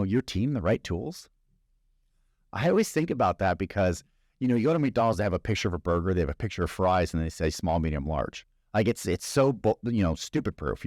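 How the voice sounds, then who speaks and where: A man's voice: sits low, darkish tone, no echo, clean studio sound. A man hosting a podcast, giving a conversational motivational business talk full of stories and rhetorical questions. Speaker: podcast host.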